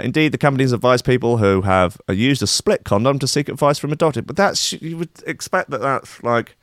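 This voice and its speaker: A man's voice: fairly low pitch, smooth, dry recording, clean studio sound. A man hosting a radio show with cheeky, mocking comic chat. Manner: cheeky, mocking, hurried with asides.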